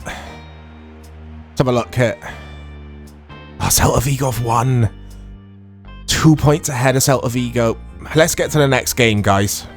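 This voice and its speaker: A man in his thirties casually commentating his own football video game, chatty and quick to get excited. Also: medium pitch. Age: 30s. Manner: chatty, easily excitable, self-deprecating. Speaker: gaming YouTuber.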